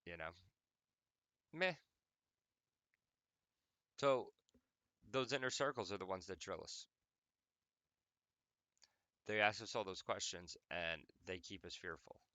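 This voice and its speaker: A man's voice: deep voice, slow pace, pauses often, bright, forceful tone, no echo. A young adult man hosting an audio podcast, talking casually in a rambling, profane, joking way. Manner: rambling, profane, jokey, many "like"s. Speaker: podcast host. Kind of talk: casual monologue.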